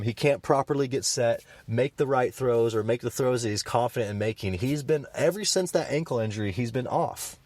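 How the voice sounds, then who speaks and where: A man's voice: mid-range voice, a little mellow, dry recording. Fired-up guy on a sports podcast, dry close mic, talks straight at you. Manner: passionate, emphatic, opinionated. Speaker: podcast co-host.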